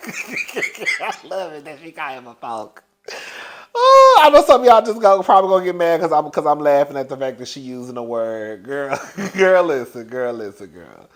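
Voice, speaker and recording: A man's voice: a little high, very animated, moderate pace, fairly bright tone. A man giving casual, sassy celebrity gossip commentary, laughing often and calling his listeners "girl". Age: older than young adult.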